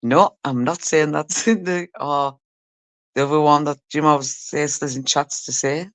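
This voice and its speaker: In a casual chat with a live audience, a woman reads comments and teases her viewers, laughing and swearing now and then. Her low voice keeps a fairly even intonation at an unhurried pace, with no room sound.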